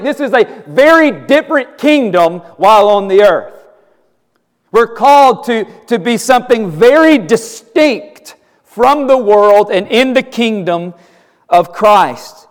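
Emphatic high-voiced male preacher, reverberant hall. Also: expressive. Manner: deliberate, emphatic preaching with repeated phrases. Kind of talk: sermon.

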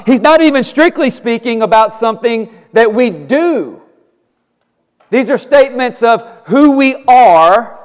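Emphatic high-voiced male preacher, reverberant hall. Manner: deliberate, emphatic preaching with repeated phrases. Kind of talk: sermon.

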